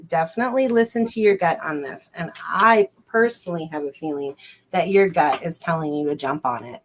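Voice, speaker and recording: A woman giving a psychic card reading on a livestream, effusive and giggly, often repeating herself. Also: on the low side. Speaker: guest psychic. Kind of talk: live-streamed card reading.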